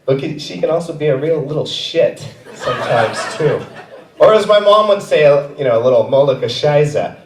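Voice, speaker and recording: Brief: thirties male stand-up, self-mocking, lively pitch, echoey theater from afar. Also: moderate pace, noisy background. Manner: self-mocking, drops to quiet asides. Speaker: stand-up comedian. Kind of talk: stand-up comedy set. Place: comedy theater stage. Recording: echoey theater, far from mic.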